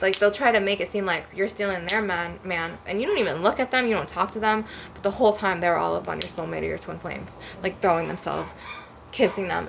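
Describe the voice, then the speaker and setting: A woman's voice: on the low side, brisk, creaky, fairly bright tone, slight background noise. A young woman rambling bluntly and profanely through a casual storytime rant on her spiritual channel. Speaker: spiritual vlogger.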